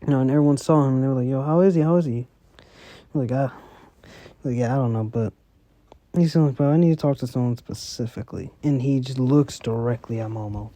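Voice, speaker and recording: A man's voice: medium pitch, fairly quick, pauses often, warm tone, no echo. A man casually retelling a story in a rambling way, filling his talk with "like" and "you know" and slang. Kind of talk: casual spoken recap.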